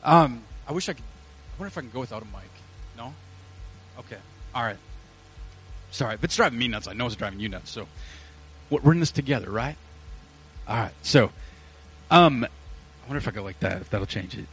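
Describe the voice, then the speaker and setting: A male pastor, preaching a casual, animated sermon with slang asides into a mic in a church. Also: mid-range voice, a little fast, pauses often, slightly rough, rough recording. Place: church sanctuary. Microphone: handheld or headset mic.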